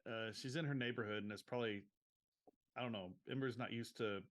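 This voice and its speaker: A man's voice: mid-range voice, steady tone, a little fast, fairly bright tone. A man player in a tabletop game, musing aloud about how his character feels. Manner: thoughtful, musing. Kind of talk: describing his character's feelings.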